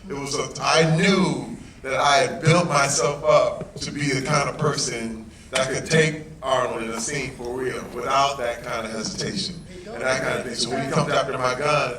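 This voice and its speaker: A guest actor with a medium-pitched voice tells a story at a moderate pace during a premiere Q&A, lively and laughing as he acts out quotes. He's in a large cinema hall before an audience, recorded from far off in an echoey space. A loud audience crowd fills the background.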